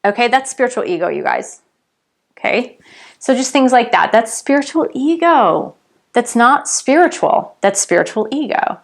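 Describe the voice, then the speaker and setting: A woman who works as a spiritual coach, talking to her viewers in a casual vlog. She is chatty and animated and keeps addressing them directly. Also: a little high, moderate pace.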